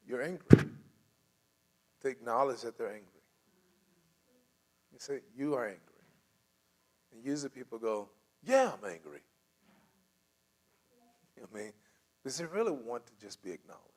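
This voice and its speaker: A man teaching a church class on conflict in a casual, animated way, acting out bits of dialogue and laughing often. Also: mid-range voice. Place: church room.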